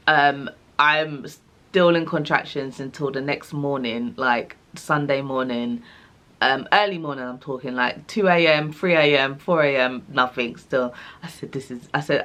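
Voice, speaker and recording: This young female vlogger has a deep voice and speaks at normal speed while casually telling her viewers about a personal experience. Her delivery is animated, with the quoted dialogue acted out.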